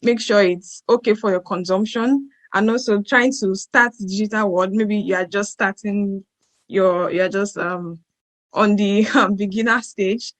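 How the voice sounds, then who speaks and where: A woman's voice: medium pitch, steady tone, measured pace, rough recording. A woman hosting an online event, hesitant and apologetic, often restarting her sentences. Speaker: event host.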